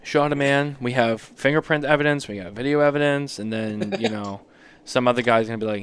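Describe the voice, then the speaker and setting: A man's voice: medium pitch, steady tone, normal speed, slight background noise. An American man co-hosting a podcast, teasing his co-hosts in rambling casual banter and laughing often. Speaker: podcast co-host.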